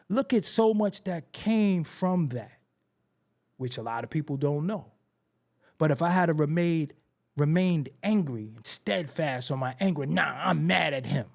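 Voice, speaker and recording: With a high, slightly mellow voice, a man hosts a hip-hop talk show and rolls through casual street-style stories. The monologue is heavy on slang and profanity, with repetition and emphatic asides throughout.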